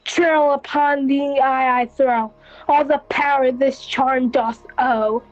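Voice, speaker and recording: A woman's voice: sits high, steady tone, slow pace, lo-fi sound, soft background music. A teenage girl voicing a mischievous male forest sprite, speaking rhymed verse in a school audio play. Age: teens.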